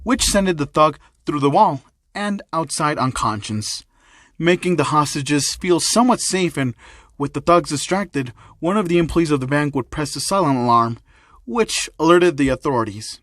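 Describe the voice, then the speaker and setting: A man narrating a fan-made action story with a plain, halting delivery. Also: fairly high pitch, expressive, a bit bright, no room sound, studio quality.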